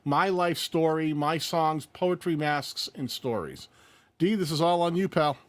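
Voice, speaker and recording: A man co-hosting a live-stream channel review game show, playful and lively, thinking aloud as he reads. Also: a little high, unhurried, no room sound. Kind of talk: casual live-stream banter and channel critique.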